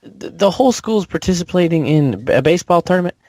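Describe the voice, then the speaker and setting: Wry man with a lively, dry-miked voice. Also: sits high, fast, dry recording. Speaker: podcast co-host. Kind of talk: casual podcast chat.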